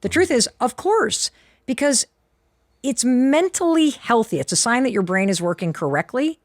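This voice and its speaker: A woman's voice: on the high side, animated, moderate pace, no echo, clean studio sound. A woman appearing as a guest author on a podcast, confidently explaining her idea in a coaching tone. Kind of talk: podcast interview.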